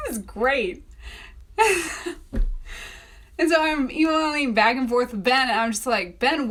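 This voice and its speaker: A young adult woman casually telling a personal story, acting out what people said with sudden high pitch jumps. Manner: animated, acts out quotes with sudden pitch jumps. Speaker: self-published author.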